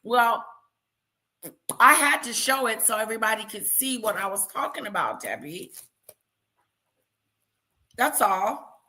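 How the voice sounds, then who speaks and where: A woman hosting a casual live stream, talking loudly and chatting with her viewers by name. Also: fairly high pitch, lively intonation, a little slow, long pauses, rough recording. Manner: loud, talks to chat viewers by name.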